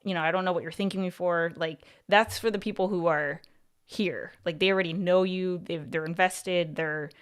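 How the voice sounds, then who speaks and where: Woman, livestream host, casual coaching chat, lowish pitch, smooth voice, filler-heavy, restarts sentences. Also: fairly even intonation, normal speed. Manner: chatty, heavy on fillers like "like" and "you know"; restarts and repeats words mid-thought.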